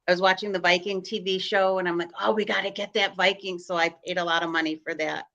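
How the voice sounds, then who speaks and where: A woman with a Chicago accent chats as a stream guest, her voice bright and forward and sitting a little low for a woman. She rambles, piling up "um"s and restarts as she tells her stories. She comes through on a video call. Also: fairly even intonation, fast talker, dull audio. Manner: rambling, filler-heavy storytelling. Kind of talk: casual chat on a live stream.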